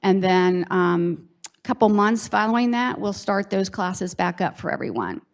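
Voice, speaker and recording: A woman with a mid-range voice speaks in a friendly, reassuring way at a town hall meeting. She pauses now and then with small fillers as she explains plans. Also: medium pitch, expressive. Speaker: health services staff.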